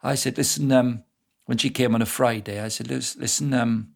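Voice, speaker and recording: A man's voice: medium pitch, normal speed, creaky. A middle-aged Welsh man from Wales, a guest evangelist telling stories in a casual interview and laughing often. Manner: lively storyteller who laughs often.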